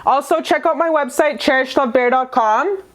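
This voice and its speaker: A woman's voice: sits high, moderate pace, a little hiss or hum. A woman giving a casual tarot reading to camera, gushing and affectionate, full of profanity and slang. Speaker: tarot reader.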